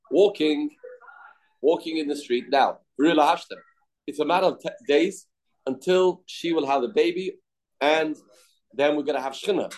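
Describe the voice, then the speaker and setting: A man teaches a Talmud class, explaining in English while quoting Aramaic and Hebrew text and acting out the quoted voices with sudden jumps in pitch. His tone is darkish, and the recording is rough.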